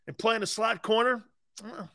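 Brash, high-pitched sports talk host. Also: male voice, normal speed, gravelly, fairly bright tone. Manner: brash, emphatic, laughs often, drops "man" and "dude". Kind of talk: sports talk radio, reacting to callers.

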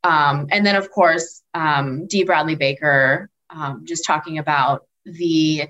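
A woman's voice: low-pitched, takes it slowly, a bit bright, dull audio. A woman chatting casually as a podcast panelist, rambling and heavy on filler words. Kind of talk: casual chat.

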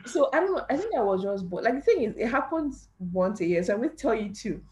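A young woman hosting a podcast, chatting casually and acting out quotes in an animated way. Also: fairly high pitch, fast, a little hiss or hum. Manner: animated storyteller, acts out quotes, laughs often. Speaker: podcast host. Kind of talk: casual chat.

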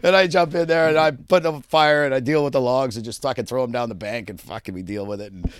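A man co-hosting a casual podcast, telling stories in a lively, profane way and shouting out quoted lines. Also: mid-range voice, fast, clear, resonant tone, no echo, studio quality. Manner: animated storyteller, swears a lot, acts out shouted quotes. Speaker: podcast co-host. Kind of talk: casual storytelling chat.

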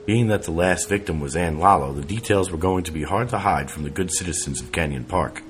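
A man narrating an audiobook in a steady, even reading voice. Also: sits low, a little fast, faint music behind.

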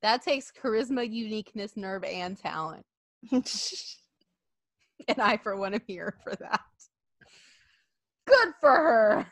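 Animated woman podcast co-host. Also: medium pitch, slow pace, long pauses, no echo. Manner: animated, laughing often, acting out quotes. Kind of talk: casual wrestling podcast chat.

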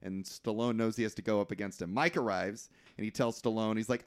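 A man's voice: fairly low pitch, fairly quick, smooth. A man co-hosting a podcast who recaps a movie in casual, profane chat and often laughs. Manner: profane, laughing, animated retelling. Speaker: podcast co-host.

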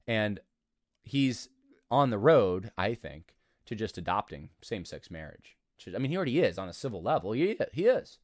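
A man reading aloud from an article and critiquing it in an argumentative, animated way, breaking in with asides and short laughs. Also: on the low side, normal speed, dry recording, studio quality. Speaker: commentator.

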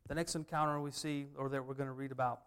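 A man's voice: mid-range voice, level tone, quick pace, fairly bright tone, smooth. A man preaching a sermon, driving points home with emphatic repeated refrains. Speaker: pastor.

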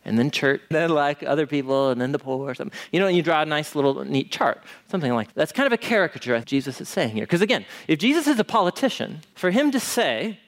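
A man preaching a conversational sermon as pastor, animated and asking his listeners rhetorical questions. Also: a little high, fast, few pauses.

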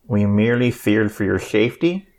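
A man's voice: fairly low pitch, lively intonation, moderate pace, darkish tone. A man voicing an earnest young man from a small town, speaking hesitantly and apologetically. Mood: apologetic. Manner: hesitant, apologetic, stumbles over words.

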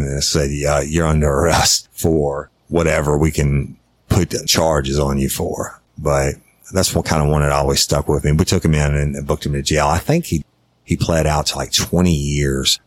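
A man's voice: a bass voice, level tone, moderate pace. A middle-aged man, a former detective bluntly telling a case story with profanity and acting out the dialogue. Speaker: retired detective recounting a case. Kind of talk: casual storytelling.

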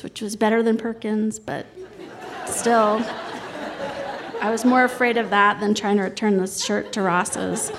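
Lively woman telling a story live. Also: a little high, creaky. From Colorado. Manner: lively, acts out the quoted voices.

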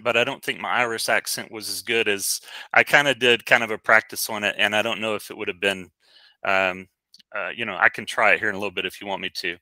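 A man's voice: medium pitch, pushed and bright, no room sound. A man co-hosting a casual podcast, talking in a chatty, rambling way with many fillers and restarts. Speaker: podcast co-host. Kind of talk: casual podcast movie review.

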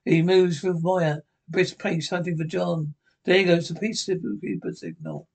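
A man narrating a podcast retelling of a TV episode, reading haltingly and often restarting phrases. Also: fairly high pitch, lively intonation, rough recording.

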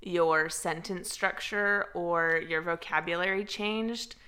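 Bright, animated young American woman. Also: lowish voice, slow pace. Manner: animated, laughs easily, asks questions. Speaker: podcast co-host. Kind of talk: casual chat.

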